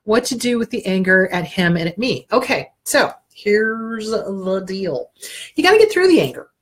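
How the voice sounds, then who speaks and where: Brief: middle-aged woman, therapist host, husky voice, blunt and animated, plays out inner voices. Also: mid-range voice, normal speed. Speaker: therapist host answering viewer questions. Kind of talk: casual advice talk.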